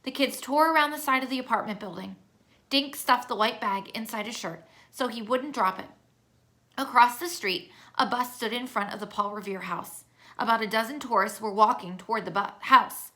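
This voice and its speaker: Bright-voiced woman reading a storybook. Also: fairly high pitch, moderate pace. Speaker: narrator. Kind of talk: reading a children's chapter book aloud.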